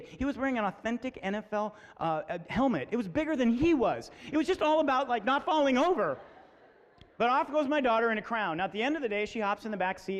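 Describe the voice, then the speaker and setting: A man in his forties telling comic stories to students at a school assembly, acting out voices. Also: very high-pitched. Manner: animated, acts out voices, comic. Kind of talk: storytelling talk to students. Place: school hall. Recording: echoey hall.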